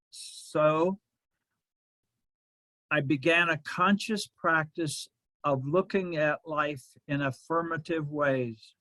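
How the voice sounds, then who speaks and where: Slow, high-voiced man preaching. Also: bright, forceful tone, dry recording. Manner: slow, measured preaching with pauses. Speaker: minister. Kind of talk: sermon.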